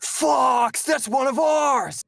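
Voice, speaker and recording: A man with a British accent voicing an excitable male dog pilot from a space shooter game, shouting high radio callouts. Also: very slow, creaky, no room sound, clean studio sound, exaggerated voice. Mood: alarmed.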